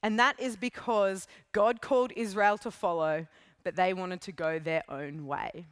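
A young adult woman preacher telling a story in a sermon, in a casual, animated way with asides. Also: mid-range voice, measured pace, no room sound.

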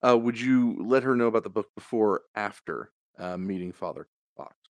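Deep gravelly game master guy, lots of ums, dry close sound. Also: moderate pace, dry recording. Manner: hesitant, many fillers. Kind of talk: narrating a tabletop game.

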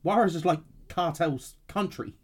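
A man co-hosting a podcast, expressive and sweary in casual chat. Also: fairly high pitch, moderate pace, breathy edge. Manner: expressive, swears freely, blurts exclamations. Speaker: podcast co-host.

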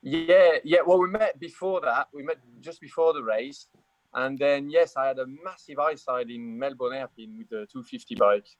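A man with a French accent, speaking English as his second language in a relaxed chat. He hesitates often and restarts his phrases. His voice is mid-pitched and sounds dry and close to the mic. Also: normal speed, dry recording. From France. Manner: hesitant, many fillers and restarts. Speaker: guest, motorcycle racer. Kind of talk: casual chat.

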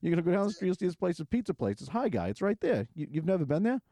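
A man's voice: high voice, big pitch swings, rapid-fire, mellow, no echo, pitched above the performer's own voice, full character voice. A man putting on the voice of a pushy, chatty woman restaurant greeter who keeps repeating herself in a brassy, insistent way.

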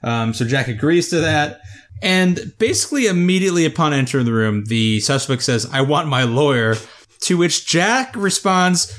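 Higher-pitched man casually recapping a show. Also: sing-song, moderate pace, fairly bright tone. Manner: joking, profane, laughs while explaining plot. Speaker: podcast co-host recapping a TV series.

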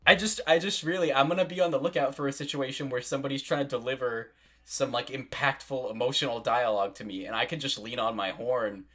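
A man co-hosting a casual podcast, recapping a TV drama scene by scene in an animated storytelling way and acting out little quoted lines as he goes. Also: medium pitch, quick pace. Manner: animated, storytelling with voiced asides. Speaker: podcast co-host.

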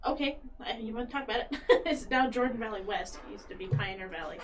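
A woman in casual chat, quickly adding details to a shared story. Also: on the high side, distant mic, crowd noise.

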